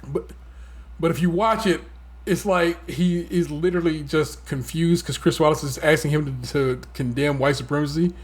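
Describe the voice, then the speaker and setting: Animated, profane man chatting on a podcast. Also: a little high, moderate pace. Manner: animated, profane storytelling with mocking impressions. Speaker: podcast co-host. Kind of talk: casual podcast chat.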